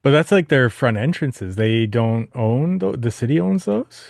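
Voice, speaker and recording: Man firing quick curious questions. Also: mid-range voice, expressive, creaky, a little mellow, dry recording, studio quality. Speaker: podcast co-host. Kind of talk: casual chat.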